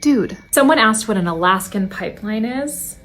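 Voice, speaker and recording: A young adult woman, a teacher, telling funny classroom anecdotes in a dry, deadpan way and quoting her students. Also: mid-range voice, moderate pace, a little hiss or hum. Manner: deadpan, wry delivery with quoted student voices. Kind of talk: anecdotal storytelling.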